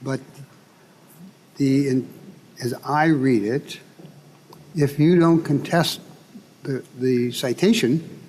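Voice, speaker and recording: A male legislator answering questions at a committee hearing, measured, explaining through everyday examples. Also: medium pitch, a little mellow. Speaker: bill author, state legislator. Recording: hearing room with long reverb and faint noise.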